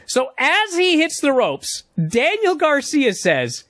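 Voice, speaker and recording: A man's voice: very high voice, takes it slowly, few pauses, no echo, studio quality. A man retelling a wrestling match as a comedic story, swearing freely and acting out what the wrestlers say. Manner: profane, lively play-by-play retelling with acted-out quotes.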